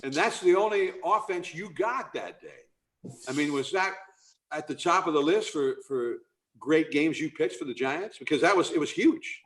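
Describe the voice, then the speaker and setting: A man's voice: a little high, lively intonation, moderate pace, fairly bright tone. Man asking meandering interview questions. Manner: meandering questions padded with fillers. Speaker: broadcaster, host.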